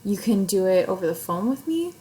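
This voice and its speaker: A young adult woman, an English teacher, records a video lesson of herself on camera, set up at home or in class. Her mid-range voice swings widely in pitch and moves a little fast, with background noise behind it. She walks through an assignment casually, step by step, using lots of fillers.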